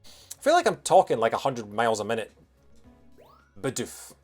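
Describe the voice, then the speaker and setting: A man giving casual gameplay commentary as a let's play host, excitable and chatty, humming tunes and cracking jokey asides. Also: mid-range voice, moderate pace, faint music behind.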